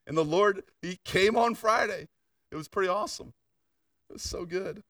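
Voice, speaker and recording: A man's voice: high-pitched, quick pace, fairly bright tone, no echo, clean studio sound, distant mic. An older man preaching a sermon in a conversational storytelling way, full of asides and questions to the congregation. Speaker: pastor.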